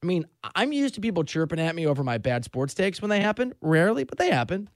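A middle-aged man hosts a sports talk show with a lively, swooping delivery and a voice pitched a bit high for a man. He is sarcastic and pokes fun at himself. The sound is dry and close. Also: fast talker, few pauses, no echo. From Southern California. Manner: animated, sarcastic, self-mocking. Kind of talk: casual sports talk banter.

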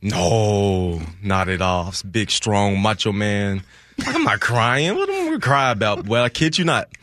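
A man's voice: on the low side, very animated, a bit bright, no echo. A man in his thirties, a former football player, chatting casually as a radio studio guest and laughing often. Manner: laid-back, laughs often, drawn-out repetitions.

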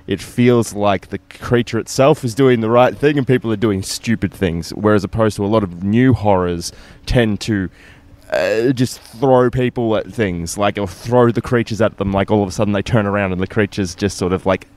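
Man, very low voice, casual rambling film talk, lots of fillers. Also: moderate pace, a little mellow.

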